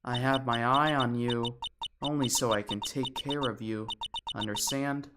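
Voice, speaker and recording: A woman voicing a quiet, creepy soft-spoken young woman with a hushed, sinister delivery, over loud game music. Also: rumbling low, fairly even intonation, measured pace, very noisy. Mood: ominous.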